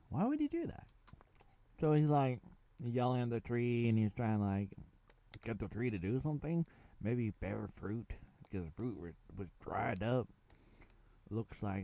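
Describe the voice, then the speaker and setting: A man's voice: lowish voice, creaky, warm tone. A man in his thirties from the United States, giving a casual spoken TV review in a rambling way with lots of fillers. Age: 30s. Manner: rambling, full of fillers and asides. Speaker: TV show reviewer.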